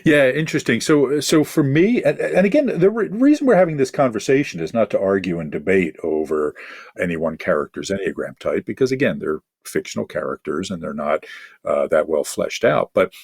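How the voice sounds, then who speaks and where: A man with a very low, husky voice hosts a podcast conversation. He talks casually and haltingly, full of fillers and restarts. The sound is dry and close. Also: expressive, darkish tone, no room sound. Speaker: podcast host. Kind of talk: casual discussion.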